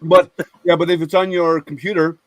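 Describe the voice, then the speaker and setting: Man, chatty storyteller, restarts a lot, higher voice, dry sound. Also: flat delivery, moderate pace, no room sound. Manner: rambling storyteller, many restarts. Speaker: IT product manager at a software company. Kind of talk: casual group chat. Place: online video hangout.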